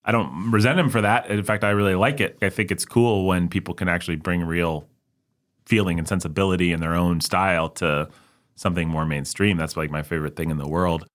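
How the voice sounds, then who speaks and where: A man's voice: deep voice, fairly even intonation, fairly quick, fairly bright tone. A man co-hosting a movie podcast, rambling and self-mocking in a casual chat. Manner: rambling, self-mocking, mimics others in jokey voices. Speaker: podcast co-host.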